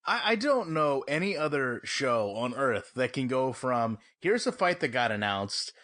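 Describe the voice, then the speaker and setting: A man's voice: medium pitch, big pitch swings, a little slow, a bit bright, dry recording, studio quality. A man co-hosting a casual sports podcast, talking with wry, teasing banter. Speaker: podcast co-host.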